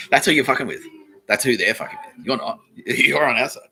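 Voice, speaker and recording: A man's voice: mid-range voice, gravelly, pushed and bright, rough recording. An Australian man hosting a comedy podcast, rambling through a profane monologue and laughing mid-sentence.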